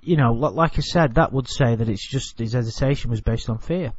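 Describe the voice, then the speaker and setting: An English-accented man gives a casual, rambling commentary, often correcting himself and speaking bluntly. His voice is mid-pitched, recorded dry with slightly dull audio. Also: a little fast, husky, no echo. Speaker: video commentator.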